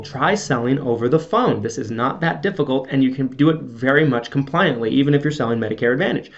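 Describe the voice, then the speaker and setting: A man talks straight to camera as an insurance sales trainer, coaching in a chatty, informal way and checking in with "okay?" as he goes. His voice sits at an ordinary middle pitch. The recording is a little dull and lo-fi. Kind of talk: casual video sales training. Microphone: camera video. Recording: slightly dull lo-fi audio.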